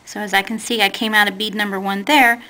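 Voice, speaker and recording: On a rough recording, a woman with a medium-pitched, steady, sharp voice moves quickly through a step-by-step beading tutorial. Her manner is plain and patient, and she amends her instructions as her hands keep working.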